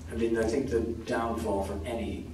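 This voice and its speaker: An American man answering audience questions on a convention panel, relaxed and self-deprecating, laughing often. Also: fairly low pitch, moderate pace. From United States. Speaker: actor guest on a convention panel. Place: large convention hall with audience. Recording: very echoey hall from far off, noisy.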